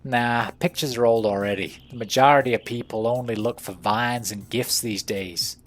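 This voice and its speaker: A man's voice: mid-range voice, fairly even intonation, moderate pace, soft background music, lightly acted. Brief: man voicing a cocky wise-guy reporter, old-time gangster voice, game read-aloud. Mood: brash. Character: brash fast-talking wise-guy newspaper man.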